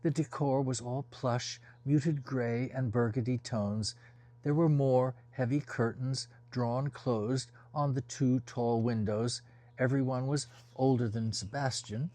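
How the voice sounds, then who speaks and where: A man reading a first-person novel aloud as an audiobook, in a measured, descriptive storytelling manner. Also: medium pitch, fairly even intonation, warm tone. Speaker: audiobook reader.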